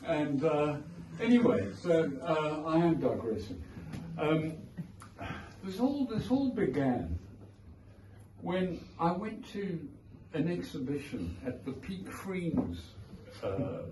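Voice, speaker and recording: A man with a South African accent rambles through amused anecdotes. His voice sits fairly high and swings widely, and he speaks slowly. He is recorded from a distance in an echoey room full of background noise. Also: very animated. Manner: rambling, self-amused storytelling with frequent digressions. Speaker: author speaking at his book launch. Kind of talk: casual anecdotal speech. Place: indoor event room with guests.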